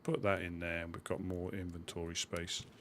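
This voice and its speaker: A man's voice: low-pitched, flat delivery, moderate pace, fairly bright tone, slight background noise. A man with a Suffolk accent chatting casually while streaming a game, muttering to himself as he sorts his gear. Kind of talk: casual live-stream commentary.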